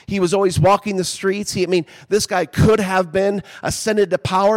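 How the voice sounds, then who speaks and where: A man's voice: high-pitched, steady tone, moderate pace, few pauses. A man preaching a sermon in a conversational way, building to emphatic peaks. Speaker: pastor.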